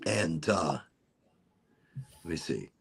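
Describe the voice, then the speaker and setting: A man's voice: very deep voice, sing-song, slow, creaky, slightly rough. A man hosting a casual chat, telling a story with lots of swearing and putting on mock British voices for the people he quotes. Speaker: host.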